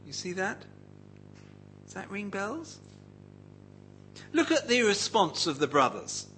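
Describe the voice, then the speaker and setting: A man gives a Bible teaching sermon, speaking at a slow, deliberate pace with a somewhat raised, very lively pitch. He keeps his listeners engaged with questions, and a faint hum sits under his voice. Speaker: preacher.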